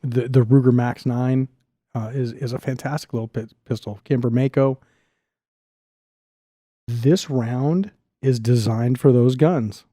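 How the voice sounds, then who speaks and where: Podcast guest, middle-aged man: eager and quick, mellow tone, dry sound. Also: mid-range voice, fairly even intonation, dry recording. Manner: enthusiastic, talks fast with restarts. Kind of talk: casual podcast chat.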